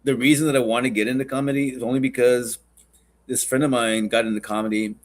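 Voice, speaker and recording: A man's voice: medium pitch, flat delivery, fast talker. Rambling, profane podcast host, a man. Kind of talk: casual podcast chat.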